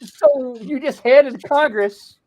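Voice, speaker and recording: A man's voice: extremely high pitch, takes it slowly, a little mellow, dull audio. An older man talking politics in a blunt, profane rant, with many restarts and repeated words. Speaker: political commentator. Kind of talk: heated political chat.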